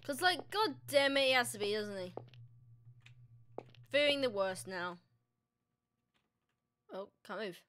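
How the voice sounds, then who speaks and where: Young woman gamer, high crisp voice, excitable, reads in-game dialogue aloud. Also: slow, long pauses. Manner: excitable, reacting aloud, reading character lines. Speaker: let's play gamer. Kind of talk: casual gameplay commentary reading dialogue aloud.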